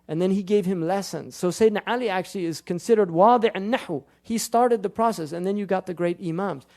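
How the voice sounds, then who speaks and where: Religious lecturer, high male voice, quick rhetorical questions, arabic terms sprinkled in. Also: gravelly, darkish tone. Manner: questions the audience rapidly, quotes classical sources; mixes Arabic terms into his speech. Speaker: Islamic scholar and lecturer.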